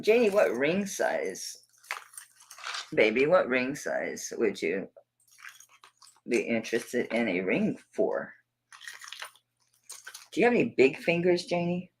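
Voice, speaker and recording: Chatty Southern woman with a lively voice. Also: rumbling low, slow, long pauses, a little hiss or hum, poor audio. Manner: chatty and affectionate, calls viewers baby. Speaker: live jewelry auction host. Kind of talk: casual livestream chat.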